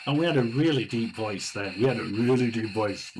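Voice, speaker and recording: A man hosting a live tarot session, musing aloud and often clearing his throat. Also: medium pitch, normal speed, hardly any pauses. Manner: musing, talks to himself, frequent throat clearing. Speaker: tarot reader and live stream host. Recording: steady background noise.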